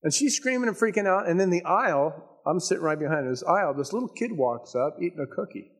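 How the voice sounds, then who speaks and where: A man preaching with a voice a touch higher than most men's. He tells stories in a folksy, chatty way and drags out the words he wants to land. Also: expressive, breathy edge. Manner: conversational storytelling, folksy asides; emphatic, slows down on key points. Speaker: pastor. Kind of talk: sermon.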